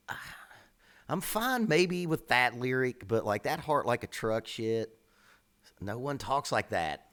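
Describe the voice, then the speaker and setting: A middle-aged man reacting to songs as a drum teacher, in a blunt, opinionated, casual voice of medium pitch. He swears freely and leans hard on words he cares about, breaking into sudden bursts of emphasis. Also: sing-song, takes it slowly, fairly bright tone.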